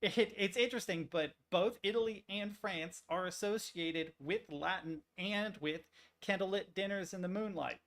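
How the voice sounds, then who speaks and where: A male streamer with a slightly high, gravelly voice, chatting casually as he works. He rambles, restarts his sentences often and swears freely. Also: moderate pace, a bit bright. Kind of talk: casual rambling chat while working on stream.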